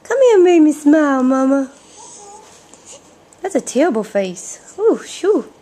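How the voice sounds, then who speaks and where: High, mellow cooing woman. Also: very animated, unhurried. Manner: cooing, doting, kissing sounds. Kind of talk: baby talk. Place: home, indoors. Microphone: home video camera.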